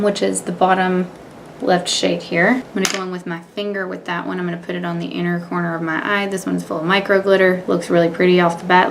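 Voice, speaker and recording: A young beauty vlogger with a lowish, gravelly voice chats casually through a makeup tutorial and review, narrating each step candidly and offhandedly. There's a little hiss or hum in the audio.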